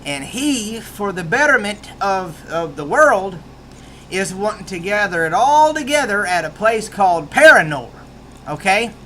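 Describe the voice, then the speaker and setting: A man's voice: high voice, sing-song, unhurried, bright, forceful tone, slight background noise. A man with a rural American accent giving a casual book review, rambling with many restarts.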